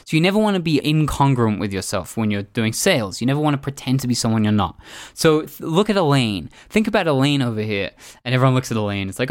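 A man's voice: mid-range voice, expressive, quick pace, no echo. Dry-voiced man telling a rambling story. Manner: rambling, reflective, many fillers and restarts. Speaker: podcast host. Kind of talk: casual storytelling monologue.

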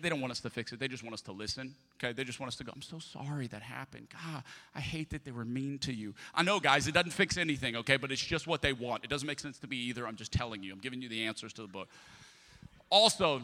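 Animated pastor in a reverberant church hall. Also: male voice, mid-range voice. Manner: animated, jokey storytelling with sudden loud peaks. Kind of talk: sermon. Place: church auditorium.

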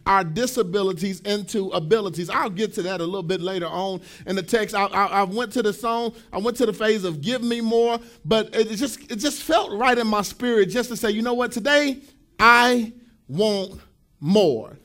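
A man in his thirties preaching a sermon as pastor, with a sing-song cadence that rises to shouts. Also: high voice, a little fast, hardly any pauses.

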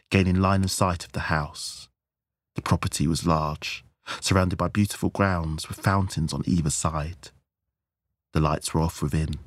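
A man reading a science fiction novella aloud in a measured storytelling manner. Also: low-pitched, no room sound, clean studio sound. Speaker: audiobook narrator. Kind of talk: scripted narration.

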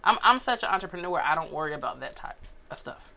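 Bright-voiced woman comedian chatting. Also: fairly low pitch, lively intonation, fast. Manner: laughs often, loose and playful. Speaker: comedian and podcast guest. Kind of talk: casual chat.

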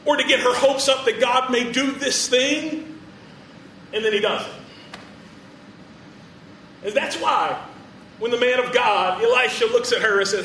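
A man preaching an animated, playful sermon to students, acting out the people in his story. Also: very high voice, a little slow, pauses often, a little hiss or hum. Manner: animated, playful, acts out quotes. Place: large room with audience. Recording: roomy hall, distant from mic.

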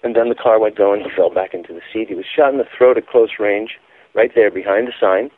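Over a tinny, dry phone line, a man calls into a radio interview and insists on his account with emphasis. He talks a little fast in a fairly low voice.

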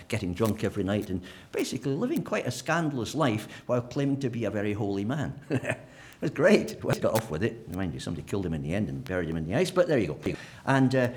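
A man preaching a sermon, animated and humorous, acting out the voices of imagined people. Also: on the low side. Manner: animated, acts out imagined speakers with humour.

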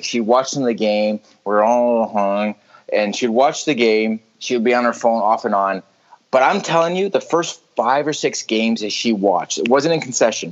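A man co-hosting a casual sports chat, telling quick animated stories and swearing freely. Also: medium pitch. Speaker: podcast co-host. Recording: dull lo-fi audio.

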